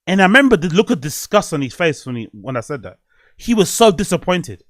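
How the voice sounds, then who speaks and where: A man's voice: a little high, big pitch swings, fairly quick, no room sound, clean studio sound. A man hosting a podcast, telling a personal story in a rambling, candid way, swearing often. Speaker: podcast host. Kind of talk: casual podcast monologue.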